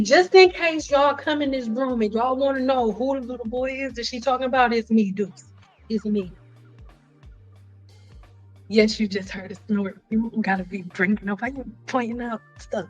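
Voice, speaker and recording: A woman hosting a casual livestream chat, telling stories in an animated way, acting out the voices she quotes and joking bluntly with her viewers. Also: on the high side, a little slow, soft background music. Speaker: livestream host. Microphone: computer mic on a livestream.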